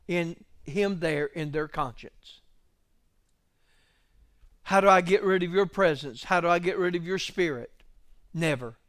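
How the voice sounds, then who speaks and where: A middle-aged male pastor preaching a live sermon, moving between hushed musing and loud exclamations and calling out to the congregation. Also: high-pitched, clean tone, no room sound, studio quality. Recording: live church service stream.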